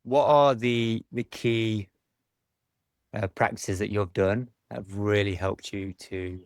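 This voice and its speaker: A man hosting a podcast interview, speaking briskly and offering frequent short affirmations. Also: fairly low pitch, fairly even intonation, no echo, studio quality. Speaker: podcast host.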